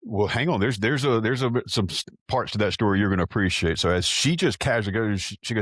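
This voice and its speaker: A man's voice: on the low side, fast, few pauses, a bit bright, no room sound, studio quality. A middle-aged man, co-hosting a podcast in casual chat, telling stories in a self-mocking way and stammering on restarts. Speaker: podcast co-host.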